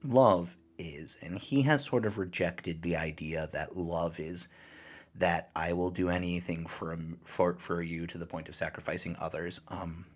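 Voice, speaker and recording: A man with a very low, deep voice chats casually as a podcast co-host. He retells scenes by slipping in short voiced quotes from the characters, loose and conversational. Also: fairly even intonation, unhurried. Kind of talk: casual chat recapping an anime.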